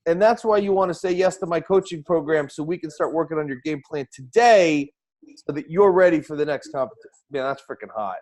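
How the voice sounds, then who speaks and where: A man hosting a live coaching show, talking excitedly and firing off repeated rhetorical questions over a video call. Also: fairly high pitch, a little fast. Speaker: host and speaking coach. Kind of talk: energetic live-stream coaching talk.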